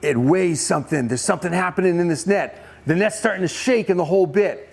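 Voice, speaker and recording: A man's voice: high voice, a little fast, creaky. A man giving a youth camp sermon, retelling a Bible story and questioning his listeners. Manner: animated storytelling, questions to the audience. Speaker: camp speaker.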